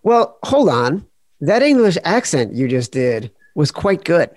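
A man hosting a podcast, excitable and jokey, with his voice leaping up on big moments. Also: fairly high pitch, unhurried, no room sound, clean studio sound. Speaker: podcast host. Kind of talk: podcast hosting and casual banter.

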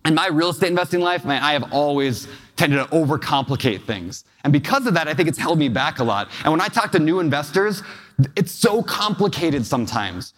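Male speaker, slightly raised pitch, heartfelt stories, reverberant auditorium. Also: animated, fairly quick, fairly bright tone. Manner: personal, emotional storytelling with audience questions. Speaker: real estate investor giving a talk. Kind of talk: storytelling keynote to a live audience. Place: large hall with an audience. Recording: long hall reverb.

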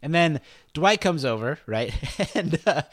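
A man's voice: expressive, unhurried, a crowd in the background. A man co-hosting a casual podcast, laughing as he retells scenes and mutters quoted lines. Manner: retells scenes, quoting characters in a low muttered voice. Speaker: podcast co-host. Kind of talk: casual chat.

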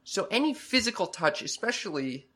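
Bright-voiced young man, stammering. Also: sits high, big pitch swings, husky. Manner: halting, stammering restarts. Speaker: podcast co-host. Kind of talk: casual storytelling chat.

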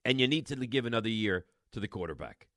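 A man's voice: fairly low pitch, animated, fast talker, fairly bright tone, no room sound, studio quality. A man hosting a sports radio show, ranting in a rambling, exasperated monologue full of restarts.

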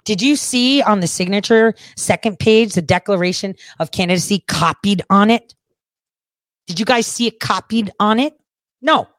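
A woman's voice: medium pitch, no echo, studio quality. A woman running for office, indignantly reading legal text aloud and swearing as she rants. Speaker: political candidate. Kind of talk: ranting video commentary.

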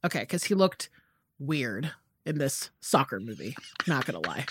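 A woman's voice: a bass voice, sing-song, moderate pace, breathy edge, dry recording. A woman co-hosting a podcast in casual chat, rambling in sentences that trail off. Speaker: podcast co-host.

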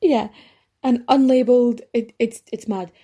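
A woman's voice: fairly high pitch, fairly even intonation, measured pace, warm tone, slightly rough. A woman hosting a history podcast, telling the story in a chatty, rambling way with casual swearing and asides. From Ireland. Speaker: podcast host.

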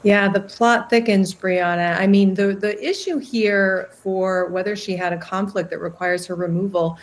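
Woman, legal analyst, news interview, measured, lower voice. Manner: measured, explanatory.

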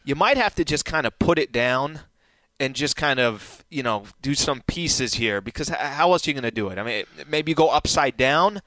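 A man's voice: mid-range voice, lively intonation, moderate pace, bright, forceful tone, no room sound. A man co-hosting a talk radio show, chatting casually with rambling restarts. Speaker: radio co-host.

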